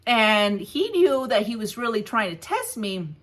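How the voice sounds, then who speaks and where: A woman in her forties, a hotshot trucking business owner, casually retelling a tough rate negotiation in a lively, firm and blunt way, often laughing. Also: fairly high pitch, measured pace. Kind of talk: casual storytelling vlog.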